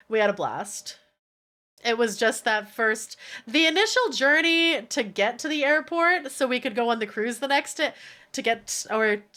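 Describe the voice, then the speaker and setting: High-voiced woman streamer telling a story. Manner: profane, exasperated, animated storytelling. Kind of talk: casual storytelling rant on stream.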